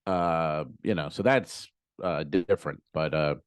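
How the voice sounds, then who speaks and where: A man's voice: a bass voice, measured pace, clear, resonant tone, no room sound. A man co-hosting a comedy podcast, chatting casually and cracking loose jokes. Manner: loose, joking, riffs with asides. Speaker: podcast co-host.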